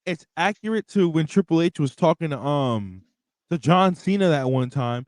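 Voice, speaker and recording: Young guy going off on a podcast, kinda high voice, super dry close mic. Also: moderate pace, no echo. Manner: animated, profane, reads out superchats. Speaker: podcast co-host. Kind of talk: casual wrestling podcast rant.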